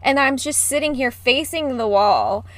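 A bright-voiced woman sits close to a dry-sounding microphone, co-hosting a casual podcast from home over a video call. She keeps breaking into giggles and apologies while she chats with her friend. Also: high voice, expressive, moderate pace, no room sound. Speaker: podcast co-host. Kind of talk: casual chat. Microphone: podcast mic over video call.

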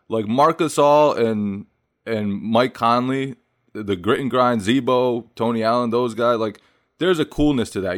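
A man on a podcast talking basketball in a relaxed, thoughtful way, with lots of "like"s. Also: mid-range voice. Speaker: podcast co-host. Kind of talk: casual sports chat.

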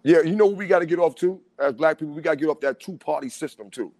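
Fast-talking animated New man. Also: on the high side, dry recording. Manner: fast, animated street talk, repeats "you know what I'm saying". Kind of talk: casual chat.

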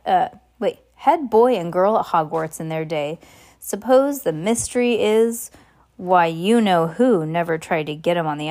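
A big, gruff and kindly giant of a man, as a woman reader puts him on, talking in a folksy country dialect that drops its endings. His voice sits at a middling pitch for the reader, plainly an audiobook character voice rather than a full performance. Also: a little mellow, natural voice. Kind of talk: amateur audiobook reading.

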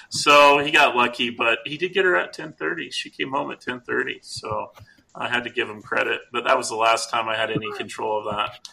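Middle-aged male podcast co-host, rambling and jokey, bright and gravelly. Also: lowish voice, fairly even intonation, normal speed, poor audio. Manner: rambling, self-interrupting, jokey. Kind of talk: casual storytelling chat.

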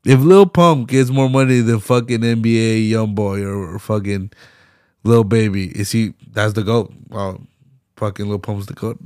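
A young man's casual solo podcast rant, loaded with slang, profanity and laughter, comes in a smooth, darkish voice on the low side. He speaks at a moderate pace, and the studio-quality recording has no room sound.

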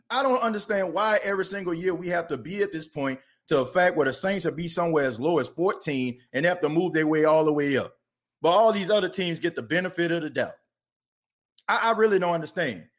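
Fired-up high-voiced podcast host. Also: male voice. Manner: passionate, ranting, repeats himself. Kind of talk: fired-up sports podcast rant.

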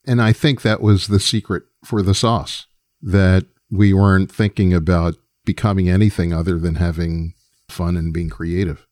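Low-voiced man telling stories. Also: moderate pace, dry recording. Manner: animated anecdotes, acts out quoted voices, laughs often. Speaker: guest, former record label president. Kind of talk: casual storytelling interview.

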